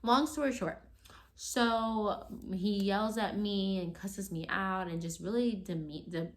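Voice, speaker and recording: A woman telling a personal story in a casual, rambling way, full of "like" and "you know", and acting out what others said. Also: on the low side. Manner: acts out quoted lines in a raised voice. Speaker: storytime vlogger.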